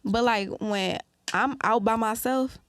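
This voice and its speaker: A young woman with a Detroit accent, chatting as an interview guest, animated and quick to laugh as she acts out what people say. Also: a little high, clear, resonant tone, no echo, clean studio sound. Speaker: guest musician. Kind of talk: casual interview chat.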